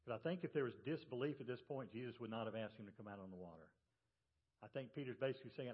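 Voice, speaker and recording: A man's voice: medium pitch, quick pace, highs cut off. Man preaching a conversational sermon. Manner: conversational storytelling preacher, dropping his voice for quoted words. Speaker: pastor. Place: church service.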